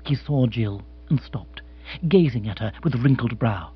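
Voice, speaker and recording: A man narrating an audiobook in an expressive, measured way. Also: mid-range voice, breathy edge, no room sound. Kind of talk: scripted narration. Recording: dry, slightly dull audiobook.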